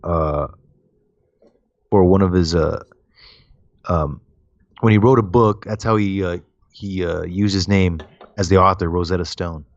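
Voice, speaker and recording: A man's voice: deep voice, measured pace, long pauses, no echo, dull audio. A man co-hosting a casual podcast, rambling in slangy speech full of fillers and "man". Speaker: podcast co-host. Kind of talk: casual chat.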